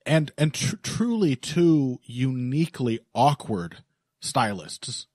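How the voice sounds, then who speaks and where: A man's voice: medium pitch, lively intonation, slow pace, a little mellow, dry recording. A man co-hosting a casual podcast, talking with dry, wry humor. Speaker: podcast co-host.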